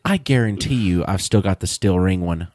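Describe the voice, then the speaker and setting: Man, podcast co-host, lowish voice, casual chat, animated, dry recording. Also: normal speed, dry recording. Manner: animated, jumps high in pitch when excited.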